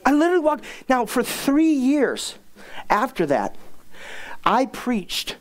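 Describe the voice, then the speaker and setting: A man's voice: very high-pitched, takes it slowly. A middle-aged man, a pastor, telling a humorous personal story in a sermon, self-mocking and acting out the people he quotes. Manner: animated, self-mocking, acts out quoted dialogue.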